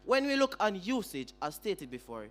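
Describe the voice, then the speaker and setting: Very high-voiced Jamaican young man debating. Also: very animated, moderate pace, fairly bright tone. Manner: rhetorical, questions the audience and opponents directly. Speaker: student debater, first opposition speaker. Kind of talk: formal competitive debate speech.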